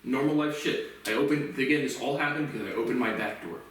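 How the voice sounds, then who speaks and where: A man delivering an angry, profane vlog rant that bursts into shouting. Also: mid-range voice, fast, distant mic, noisy background. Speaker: vlogger. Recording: very echoey room, voice off-mic.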